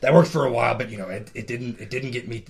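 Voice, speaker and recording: A man putting on a paranoid conspiracy broadcaster who rambles on with total earnestness and keeps working himself into emotional outbursts. His voice is thick with gravelly fry at a middling pitch. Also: quick pace, lightly acted. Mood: conspiratorial. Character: blustering paranoid conspiracy talk-show man. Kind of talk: improv comedy impression.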